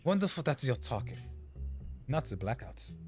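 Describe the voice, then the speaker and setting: A man's voice: medium pitch, animated, fairly quick, over music, close to an everyday voice. A man voicing a curious older male psychiatrist, trying a German accent and dropping it. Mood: probing. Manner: attempts a German accent and gives up.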